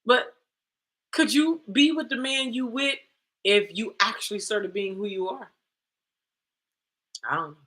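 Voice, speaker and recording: A woman's voice: a little high, measured pace, pauses often, a bit bright. A woman hosting a livestream for women, talking bluntly and confrontationally with many rhetorical questions. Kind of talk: livestream talk.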